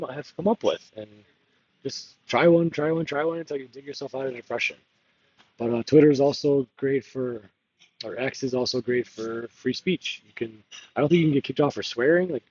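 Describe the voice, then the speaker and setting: A man's voice: mid-range voice, darkish tone, lo-fi sound, a little hiss or hum. A man talking candidly in a rambling confessional monologue, laughing often and drifting between topics. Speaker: political candidate.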